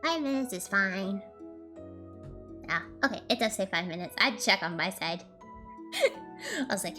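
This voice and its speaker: A woman's voice: mid-range voice, animated, unhurried, long pauses, pushed and bright, faint music behind. A woman streaming a game, reading its narration aloud and chatting playfully with laughter.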